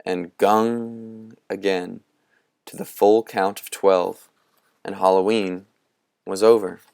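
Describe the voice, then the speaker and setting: Deep, slow-reading male narrator. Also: fairly even intonation, vocal fry, a little mellow, clear, resonant tone, no echo. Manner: slow, measured storytelling. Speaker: audiobook reader. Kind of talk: scripted narration.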